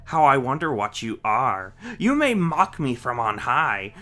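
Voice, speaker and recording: A man voicing a greedy, cackling old witch in a storybook reading, with shrieks and slow, croaking taunts. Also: medium pitch, sing-song, bright, forceful tone. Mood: mocking sly. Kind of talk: storybook read-aloud.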